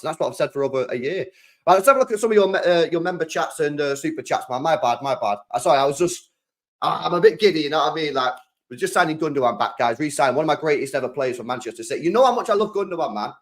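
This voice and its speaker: Excitable young British man, high voice. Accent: British English. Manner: excitable, slangy, repeats himself. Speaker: football channel host. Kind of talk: casual live-stream chat.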